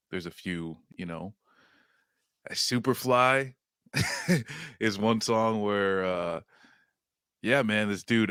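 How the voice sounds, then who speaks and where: A man co-hosting a podcast, chatting in a relaxed way with lots of fillers. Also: low voice, clean tone, no echo, clean studio sound. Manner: relaxed, filler-heavy, laid-back. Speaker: podcast co-host. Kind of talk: casual podcast chat.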